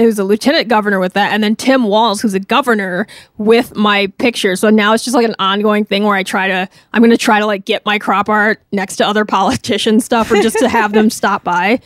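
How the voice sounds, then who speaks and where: A woman from Minnesota, a guest telling a story in casual chat, animated and laughing often, with lots of "like" fillers. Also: mid-range voice, brisk, few pauses, no echo, studio quality. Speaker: podcast guest, crop artist.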